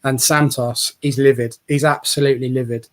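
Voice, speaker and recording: A man giving casual, excitable live commentary on a football match as a co-host, chatty and quick to cheer and tease. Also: medium pitch. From England.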